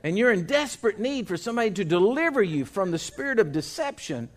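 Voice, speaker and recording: A man's voice: high voice, sing-song, moderate pace. A man, a pastor preaching a sermon in a folksy, joking way with asides to the congregation. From Texas.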